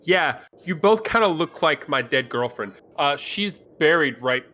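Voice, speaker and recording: A man's voice: on the high side, animated, a little slow, pushed and bright. A man playing his character at a tabletop game, hesitant and wry, with lots of fillers. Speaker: player.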